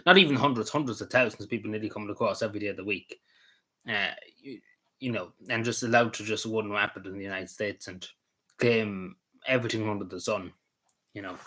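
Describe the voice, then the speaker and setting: Rambling Irish man, bright voice. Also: lowish voice. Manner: meandering, swears casually, lots of fillers. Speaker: vlogger. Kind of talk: casual rambling commentary.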